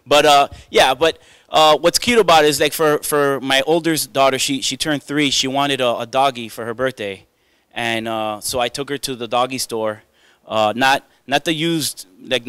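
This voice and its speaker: A man's voice: medium pitch, fairly bright tone, smooth, no echo. A young man doing a stand-up comedy set on a club stage, chatty and self-mocking, riffing with the crowd. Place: comedy club stage before a live audience.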